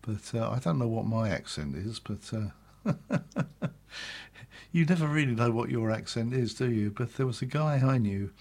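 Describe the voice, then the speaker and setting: A man's voice: mid-range voice, lively intonation, normal speed, pauses often, a little mellow. Male radio presenter, middle-aged, English, chatty rambling links, mid-range voice. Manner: chatty, rambling, chuckles to himself. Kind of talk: casual radio link between songs.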